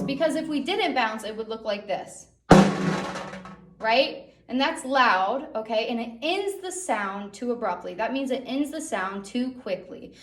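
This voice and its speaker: A woman's voice: on the high side, lively intonation, unhurried. A young woman music teacher giving an online drum lesson for children, encouraging and checking in with a frequent "okay?". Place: music room. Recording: echoey room, drum hits.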